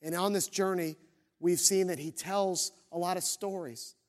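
High-voiced pastor preaching animatedly. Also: male voice, normal speed. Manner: animated storytelling, acts out quoted voices. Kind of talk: sermon.

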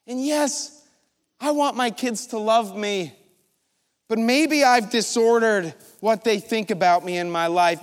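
A middle-aged man preaching a sermon, animated and storytelling, acting out his own thoughts. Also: high voice. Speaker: pastor. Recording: large hall reverb.

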